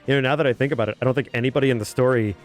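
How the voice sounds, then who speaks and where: A man casually chatting on a drawing stream, rambling, chuckling and muttering to himself as he works. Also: medium pitch. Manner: rambling, chuckling, muttering softly while working. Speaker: webcomic artist streaming. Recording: faint music behind.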